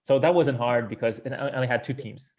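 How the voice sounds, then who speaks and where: A man's voice: medium pitch, a little fast, a little mellow. Chatty man on a call. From Canada. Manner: rambling, filler-heavy storytelling with chuckles. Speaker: guest swimmer. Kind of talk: casual conversation.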